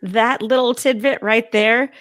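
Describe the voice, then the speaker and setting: A woman's voice: a little high, fairly even intonation, measured pace, a bit bright, no echo, studio quality. A woman co-hosting a casual podcast discussion, eager and giggling often. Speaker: podcast co-host.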